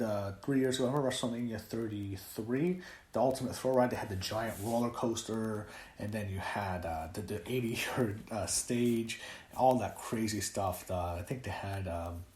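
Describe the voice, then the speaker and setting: A man's voice: mid-range voice, a little mellow, roomy sound. A man giving a casual, rambling solo review of a wrestling show, with lots of fillers and swearing when he gets worked up.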